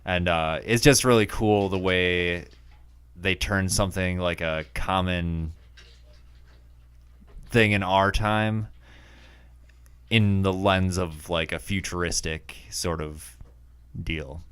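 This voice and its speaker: A man's voice: deep voice, steady tone, slow pace, long pauses, fairly bright tone, smooth, no echo. A man co-hosting a podcast, chatting casually in a hesitant way with many fillers. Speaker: podcast co-host. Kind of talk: casual chat.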